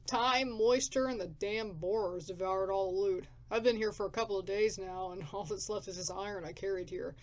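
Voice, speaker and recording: Woman reading a grumbling, gruff male scavenger. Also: medium pitch, normal speed, few pauses, natural voice. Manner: blunt, grumbling, coarse. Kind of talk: reading game dialogue aloud.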